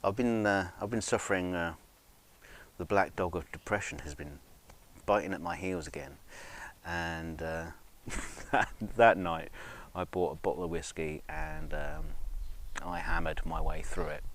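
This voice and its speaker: A man's voice: sits low, expressive, a little slow, gravelly, a bit bright, a little hiss or hum. A drunk man with an English accent, rambling in a casual monologue with many fillers, restarts and swearing. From England, of Scottish family. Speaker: guitar video maker.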